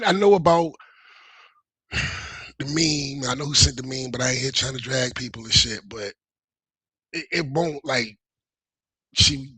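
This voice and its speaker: An animated man talking in slangy, profane casual chat as a livestream guest. His voice is bright and husky, and it sounds close and dry. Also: medium pitch, no echo.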